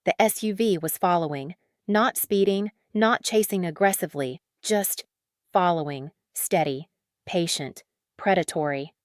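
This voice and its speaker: A woman narrating a dramatic story in an even, matter-of-fact read on a close mic. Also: on the low side, a little slow, no room sound.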